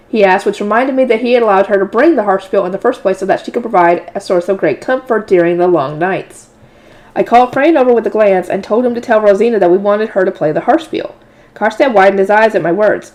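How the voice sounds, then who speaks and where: A woman narrates a light novel in a relaxed, casual read-aloud, fixing her own slips as she goes. Her voice sits at a middle pitch and she drops in offhand asides. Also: fast.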